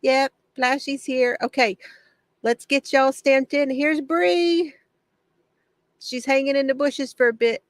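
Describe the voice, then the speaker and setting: A woman's voice: high-pitched, fairly even intonation, takes it slowly, no room sound. A woman hosting a casual craft livestream from her home shed, greeting viewers by name, chatty and often laughing.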